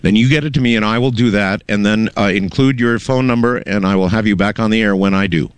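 A man hosting a late-night call-in radio show, with a somewhat low voice. He cuts in often, firm and businesslike, steering the caller through the details. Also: fast, clean tone, no echo. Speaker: radio talk show host.

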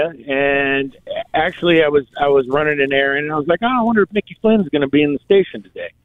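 A man's voice: mid-range voice, no room sound. A man co-hosting a radio show in casual chat, telling stories in laid-back slang. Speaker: radio co-host. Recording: tinny phone line.

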